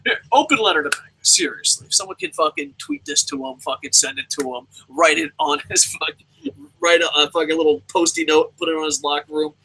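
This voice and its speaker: A man's voice: fairly high pitch, lively intonation, brisk, pushed and bright, slight background noise, poor audio. A young adult man ranting through a profane wrestling review, swearing nonstop and mocking the people he talks about. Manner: swears constantly, rants, mimics people mockingly.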